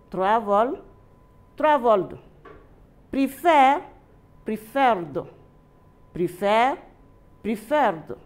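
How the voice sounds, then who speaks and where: Very slow, dictating Malian woman teacher. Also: a little high, darkish tone. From Mali. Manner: repeats each phrase slowly, as if dictating. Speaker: English teacher. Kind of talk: dictated grammar lesson.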